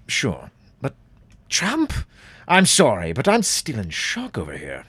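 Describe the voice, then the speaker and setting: A man's voice: on the low side, huge pitch swings, moderate pace, fairly bright tone, breathy edge, no room sound, heavily acted. A man playing a politician guest on a comedy radio interview, ranting in exasperated disbelief.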